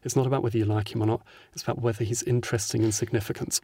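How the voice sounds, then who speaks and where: A man's voice: mid-range voice, flat delivery, very fast, mellow, husky, no echo. A man, an author interviewed as a guest, talking thoughtfully with many hesitations. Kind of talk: podcast interview.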